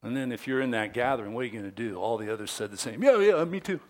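A man pastor preaching a sermon, dramatic, dropping to whispers and rising to loud emphasis. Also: fairly low pitch, fairly even intonation, very fast.

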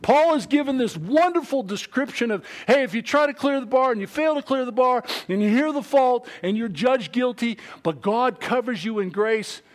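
A man preaching a sermon as pastor, emphatic and animated, acting out other people's voices and reading scripture aloud. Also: extremely high pitch, normal speed, hardly any pauses.

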